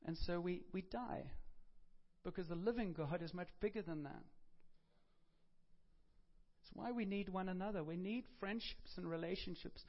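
A man preaching a sermon with passion, moving from loud urgent appeals to quiet, reflective prayer. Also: sits high, normal speed, long pauses, muffled recording.

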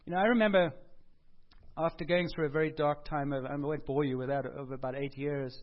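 Man preaching, fairly high voice, chatty and animated, muffled lo-fi recording. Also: a little fast. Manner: conversational, animated, rises for emphasis and drops softly for quoted words. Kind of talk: sermon. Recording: dull lo-fi sound.

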